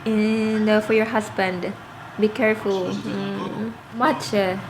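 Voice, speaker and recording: Pregnant and teary, a young Filipino vlogger chats in Taglish with her viewers from her home in the Netherlands, addressing them as "mga inday" in a chatty, casual way. Her Filipino-accented voice sits at medium pitch, slow and flat, over a noisy background.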